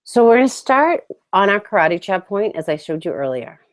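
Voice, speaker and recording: A woman teaching emotional tapping, leading slow, calm phrases for listeners to repeat after her. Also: medium pitch. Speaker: tapping instructor. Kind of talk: guided tapping lesson.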